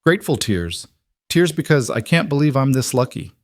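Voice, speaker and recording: A man voicing a tender frontier groom who speaks in a rough, tearful whisper in a storybook reading. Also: medium pitch, expressive, moderate pace, no echo, studio quality, pitched above the performer's own voice, close to an everyday voice.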